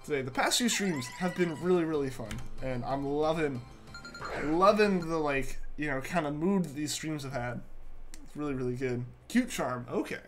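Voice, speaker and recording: Young guy streaming games, a bit high-voiced, stuffy and congested from a sore throat, chatty, faint music behind. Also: moderate pace. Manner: chatty, greets viewers, often repeats phrases. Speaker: livestream host. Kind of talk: casual live-stream chat while gaming.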